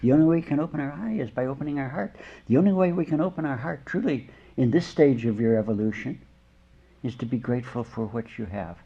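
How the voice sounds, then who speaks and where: An older man teaches as a spiritual leader, rambling through a homely sermon full of stories and chuckled asides. His voice is gravelly and a little husky. The lecture recording sounds dull and lo-fi. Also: medium pitch, animated, fast, mellow. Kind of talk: informal sermon with storytelling.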